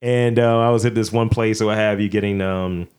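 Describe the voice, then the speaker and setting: A man co-hosting a podcast, telling profane, animated stories in casual banter. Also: fairly low pitch, fairly quick, smooth. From Baltimore. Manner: profane, animated storytelling with voiced impressions. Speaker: podcast co-host.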